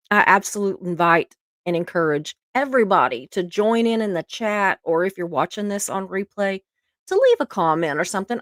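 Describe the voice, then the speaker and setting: Chatty Southern woman with a low voice. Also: no room sound, clean studio sound. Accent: Southern US, Georgia. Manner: rambling and chatty, says "y'all" often. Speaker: livestream host. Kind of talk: casual chat to a live audience.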